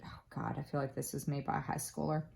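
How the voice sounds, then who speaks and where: Chatty woman with a low-ish voice. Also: flat delivery, quick pace, gravelly, darkish tone. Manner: rambling storyteller with many fillers. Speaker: crafting vlogger. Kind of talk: casual chat.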